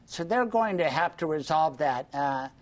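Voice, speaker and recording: A man who hosts a radio show, giving measured, analytical political commentary on a panel. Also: a little high, lively intonation.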